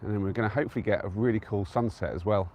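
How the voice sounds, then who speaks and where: Speaking rapidly in a lowish, slightly mellow voice, an Englishman live-streams from an open hilltop by a trig point with no wind. He's easygoing and casual, answering viewers' comments as they come in, with a little hiss or hum in the audio.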